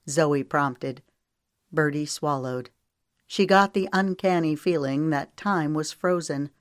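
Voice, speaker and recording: A woman with a low voice reads an audiobook, narrating steadily and giving the characters' lines small shifts. The sound is dry and close, with no room around it. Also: takes it slowly, dry recording. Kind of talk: scripted narration.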